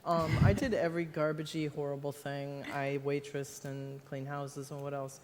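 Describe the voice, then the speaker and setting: A woman's voice: sits low, level tone, normal speed, a little mellow, big-room sound, slight background noise. An American woman, the guest author, talking onstage before an audience in a rambling, self-deprecating way with frequent laughs. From United States. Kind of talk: live onstage conversation. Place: stage in a large hall before an audience.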